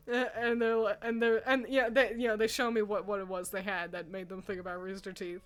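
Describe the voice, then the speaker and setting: A woman's voice: medium pitch, level tone, fairly quick, clear, resonant tone. A young woman streamer chatting casually with her live chat, laughing often and swearing freely. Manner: giggly, laughs often between remarks.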